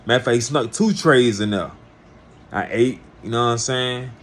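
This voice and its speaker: Guy telling his own story, laid back but lively, does the voices of people he quotes. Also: mid-range voice, normal speed, a little hiss or hum. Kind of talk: casual personal storytelling.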